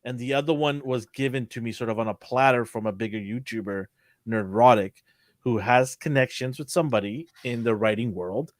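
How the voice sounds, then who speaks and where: An older man hosting a casual pop culture chat, animated and laughing often. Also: mid-range voice, brisk, dry recording, clean studio sound. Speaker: podcast host.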